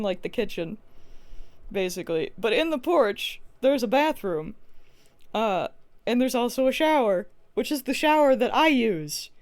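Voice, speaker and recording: A woman's voice: a little high, darkish tone, no echo. A young woman streaming a game from home, telling a rambling story in a casual, chatty way with many restarts. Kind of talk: casual livestream chat while playing a game.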